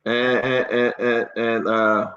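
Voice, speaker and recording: A man's voice: medium pitch, level tone, slow, fairly bright tone, lo-fi sound. Teasing Liberian man hosting a talk show. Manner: teasing, pushy questioning with many restarts. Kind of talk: casual political talk show.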